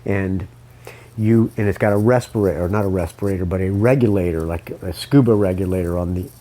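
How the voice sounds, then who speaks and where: A podcast host with a low, mellow voice tells a story casually at a brisk pace. He rambles, swears, corrects himself and has a lingering cough.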